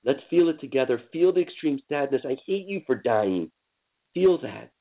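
A man leading a guided forgiveness session on a call, speaking slowly and soothingly with lots of repetition. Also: mid-range voice, expressive, creaky. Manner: slow, soothing, repetitive coaching. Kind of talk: guided emotional healing session. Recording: tinny phone-line audio.

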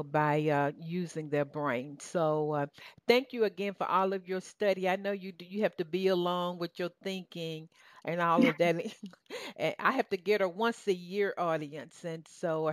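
A woman host with a Southern US accent, speaking warmly and effusively, often repeating words. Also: lowish voice, no room sound. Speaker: podcast host. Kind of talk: interview conversation.

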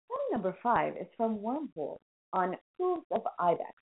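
Woman radio host with a Boston accent, lively pitch, self-mocking and chatty, phone-line sound. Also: normal speed. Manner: chatty, self-mocking, spells names aloud. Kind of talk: casual radio presenting.

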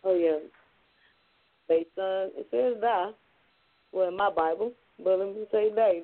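A woman co-host slowly and carefully reading Bible verses aloud on a call-in show. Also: medium pitch, no room sound. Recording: tinny phone line.

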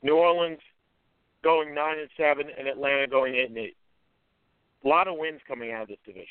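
A man's voice: fairly high pitch, fairly quick, smooth, no room sound. A man co-hosting a sports radio talk show, confidently rattling off predictions and correcting himself as he goes. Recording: dry, phone-like radio audio.

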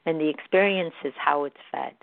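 A woman with a low voice offers spiritual self-help talk, calm and encouraging, repeating soothing words. The sound is narrow and phone-like. There is no room echo at all. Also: moderate pace, vocal fry. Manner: gentle, encouraging, repetitive phrasing. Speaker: morning show host.

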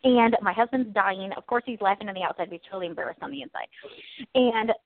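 A woman's voice: medium pitch, fast talker, no echo. A woman co-hosting a faith-based comedy chat, telling stories animatedly and laughing often. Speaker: podcast co-host. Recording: tinny phone-like dry sound.

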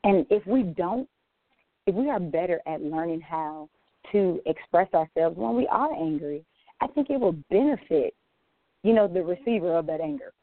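Heard over dry, tinny phone-line audio with no echo, this woman speaks at a moderate pace in a fairly low voice. Sitting on a church women's panel, she shares frank, lively stories about anger, voicing her own remarks as quoted asides.

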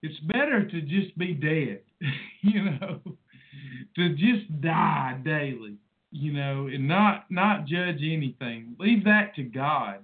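A man's voice: fairly high pitch, animated, slow pace. A man in his forties hosting a rambling personal monologue, emotional and preachy in manner. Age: 40s. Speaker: host. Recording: tinny phone-like sound.

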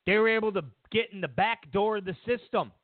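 A man hosting a show, ranting in a sarcastic, mock-outraged way, jumping between shouting and muttering. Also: high-pitched, fairly quick, no echo. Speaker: host. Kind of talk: sarcastic political rant. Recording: dry tinny phone-like sound.

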